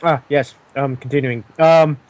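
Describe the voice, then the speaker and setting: A man narrating as game master of a tabletop game, casual and halting, with many pauses and ums. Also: mid-range voice, steady tone, a little mellow.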